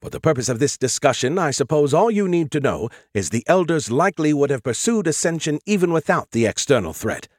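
A man's voice: fairly high pitch, sing-song, a little fast, few pauses, dry recording, studio quality, pitched above the performer's own voice. A man voicing a condescending, know-it-all male AI in an audiobook, lecturing and sarcastic. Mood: explaining. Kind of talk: audiobook character voice.

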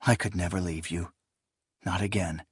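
A man voicing a weary, brooding male scholar in an audiobook, speaking low and guarded. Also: fairly even intonation, moderate pace, breathy edge, no echo, studio quality. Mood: subdued. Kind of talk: audiobook character voice.

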